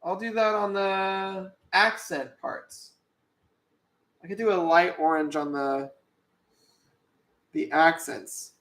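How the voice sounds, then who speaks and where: A man's voice: sits high, fairly even intonation, takes it slowly, long pauses, a bit bright, reverberant. A man streaming while drawing, chatting casually and playfully with his viewers and co-host. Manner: chatty, playful, talks to chat. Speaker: streamer and artist.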